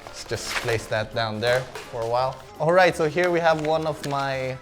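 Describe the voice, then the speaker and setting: A man's voice: medium pitch, moderate pace, soft background music. A young man from the Philippines, casually talking through his old school work, chatty and self-mocking with frequent laughs. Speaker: vlogger.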